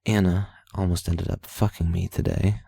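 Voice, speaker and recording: A man's voice: deep voice, fairly even intonation, normal speed, creaky, mellow, breathy edge, dry recording. A man hosting a vlog, candidly reading his daily journal aloud, rambling and self-deprecating with blunt swearing. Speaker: vlog host.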